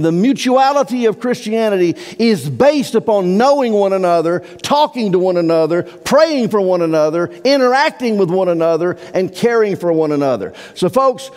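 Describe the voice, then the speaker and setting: A man's voice: sits high, darkish tone. A man preaching a sermon as pastor, earnest and emphatic, drawing out key words. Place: church sanctuary. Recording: long reverb of a church hall.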